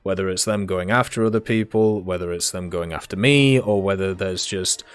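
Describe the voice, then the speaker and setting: A man's voice: low voice, moderate pace, clean tone. A man answering viewer questions in a casual, rambling monologue with many fillers and restarts.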